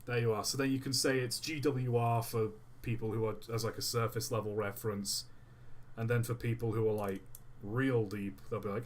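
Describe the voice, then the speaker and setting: A man's voice: fairly low pitch, level tone, normal speed. A man streaming live, chatting casually and thinking aloud while he builds a model, often distracted mid-sentence.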